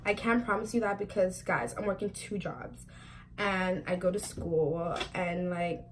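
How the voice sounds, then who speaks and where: A woman in her twenties telling a storytime vlog, talking quickly and chattily with lots of "like" fillers and frequent laughs. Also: lowish voice, a little hiss or hum. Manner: chatty and fast, full of "like" fillers, laughs often. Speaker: vlogger.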